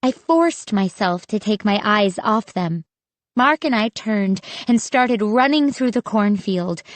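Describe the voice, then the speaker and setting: A woman narrating a spooky children's audiobook in a measured, suspenseful reading. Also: mid-range voice, no room sound. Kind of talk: scripted horror narration.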